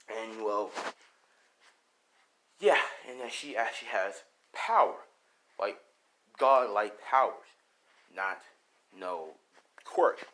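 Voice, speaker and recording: A man's voice: medium pitch, fairly bright tone, slight background noise, low-quality recording. A man casually retelling a fan-made story, rambling, with fillers and swearing. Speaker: channel host.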